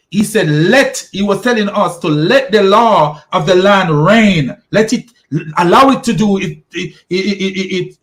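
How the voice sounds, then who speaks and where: High-voiced preachy man. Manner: emphatic and preachy, slowing down to stress key words; repeats and restarts words often. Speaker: podcast host. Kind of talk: religious commentary monologue.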